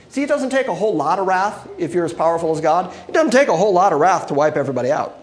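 A man teaching a Bible passage as a sermon, expressive, swinging between loud emphasis and hushed asides. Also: sits high, racing, few pauses, a little hiss or hum.

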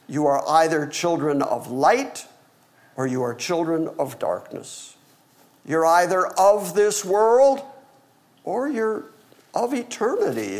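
A male pastor preaching a sermon, with wry asides and dramatic swings in pitch, dropping low for emphasis.

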